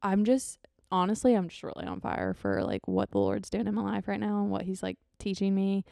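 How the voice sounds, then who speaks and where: A woman's voice: mid-range voice, lively intonation, a little fast, creaky, dark tone, dry recording, clean studio sound. Bubbly, rambling young woman. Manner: bubbly, rambling, easily sidetracked. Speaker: podcast host. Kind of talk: casual solo podcast chat.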